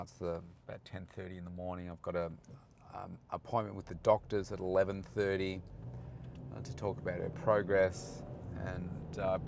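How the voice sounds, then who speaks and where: Deep-voiced man vlogging from his car. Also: gravelly. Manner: relaxed, rambling, with frequent fillers and restarts. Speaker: podcast host and coach. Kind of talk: casual vlog monologue while driving. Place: in a car, driving on city roads. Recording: loud road and engine noise.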